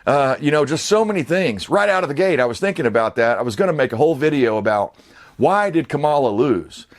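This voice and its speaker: A man's voice: on the high side, animated, brisk. A man giving a casual, rambling political rant as an online commentator, blunt and profane.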